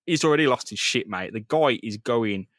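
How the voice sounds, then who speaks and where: A man's voice: medium pitch, normal speed, dry recording. A man retelling a comic issue with lots of energy and plenty of swearing, often slipping into the characters' voices. His voice sits mid-range and sounds dry and close to the mic. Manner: animated, swears freely, acts out quotes. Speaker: podcast co-host. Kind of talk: casual comic-book recap chat.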